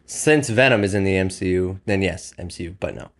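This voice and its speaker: A man's voice: low-pitched, brisk. A man co-hosting a casual podcast chat, chatty and laughing often. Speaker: podcast co-host.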